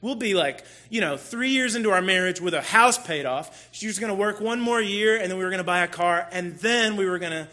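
Guy preaching, telling his own story, high bright voice, lively and poking fun at himself. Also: brisk, few pauses. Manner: animated, self-deprecating storyteller. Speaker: church speaker. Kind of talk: personal story in a sermon.

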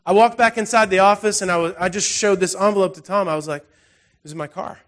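A man preaching a sermon in a relaxed, conversational way, telling personal stories with frequent restarts. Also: high voice, fast talker. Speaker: pastor.

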